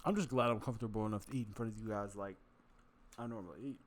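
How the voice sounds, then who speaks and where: A man's voice: fairly low pitch, rapid-fire. Rambling man chatting while he eats. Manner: rambling, joking, swears casually while eating. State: congested nose, full, chewing. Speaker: vlogger. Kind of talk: casual eating vlog chat.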